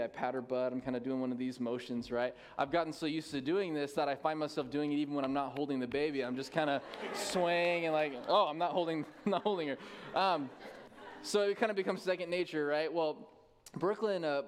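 A man in his thirties, a tired lead pastor giving casual, self-deprecating announcements to his church. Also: mid-range voice. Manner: chatty, self-deprecating, laughs easily. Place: church sanctuary.

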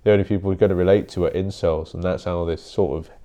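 A man's voice: low-pitched, fairly even intonation, fast, mellow. A young man hosting a podcast, rambling bluntly in a casual solo monologue and swearing often. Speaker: podcast host.

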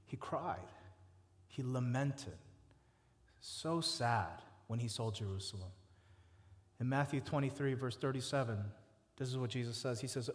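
A man preaching a sermon, stacking words with rising force and dropping soft and low for quoted laments. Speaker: pastor. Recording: reverberant hall.

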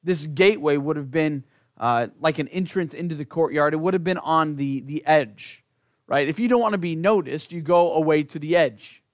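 A man's voice: fairly high pitch, moderate pace, dry recording, clean studio sound. A middle-aged male pastor preaching a conversational sermon, often checking in with "right?".

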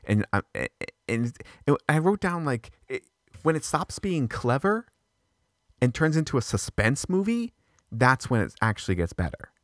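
A man co-hosting a casual podcast, ranting about a movie in an animated, exasperated way with many restarts. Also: medium pitch, moderate pace, no room sound, studio quality. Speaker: podcast co-host. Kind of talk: casual film review chat.

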